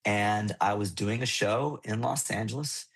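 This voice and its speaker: An American man, a musician, talking in a casual podcast chat, animated, swearing freely and restarting often. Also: fairly low pitch, a little slow, breathy edge. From United States. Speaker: guest musician.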